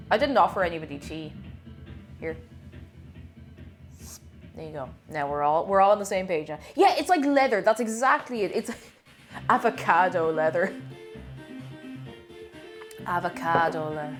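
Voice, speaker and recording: A woman chatting casually on a cooking live stream, reading chat aloud and laughing often. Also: mid-range voice.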